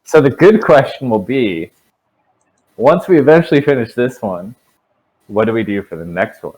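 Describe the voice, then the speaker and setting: A young man runs a tabletop game, speaking with a lively, wide-ranging voice. He keeps the talk loose and joking between rolls. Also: mid-range voice, normal speed, slightly rough, low-quality recording. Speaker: dungeon master. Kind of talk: running a tabletop game stream.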